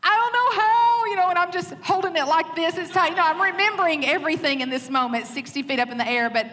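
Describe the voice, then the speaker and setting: A woman pastor telling a funny story in a sermon, animated, laughing often and acting out quoted lines. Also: sits high, fast talker. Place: church stage. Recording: reverberant hall with faint noise.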